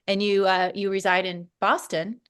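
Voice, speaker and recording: A woman's voice: medium pitch, little pitch movement, a bit bright, clear, resonant tone. Playful, teasing woman co-host. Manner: playful, teasing, quick to laugh. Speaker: podcast co-host. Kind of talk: casual chat.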